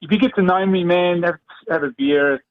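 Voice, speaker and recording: A man's voice: high voice, moderate pace. Australian male caller, slangy and laid-back, voice coming through a muffled line. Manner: slangy, laid-back, peppers talk with "man" and "mate". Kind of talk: casual phone-in chat.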